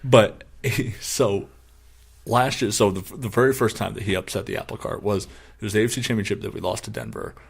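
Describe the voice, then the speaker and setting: A man's voice: lowish voice, fairly quick, gravelly, slightly rough. A young man co-hosting a casual sports podcast, telling stories and acting out his friends' lines with lots of swearing. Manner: animated storyteller who acts out quoted friends loudly and profanely. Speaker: podcast co-host.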